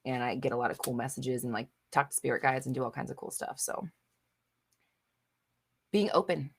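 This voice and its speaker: This young adult woman hosts a live manifestation Q&A, reading viewer comments aloud and answering bluntly and emphatically, with casual swearing and plenty of fillers. Her voice rumbles low and sounds creaky and slightly rough, at a normal speed.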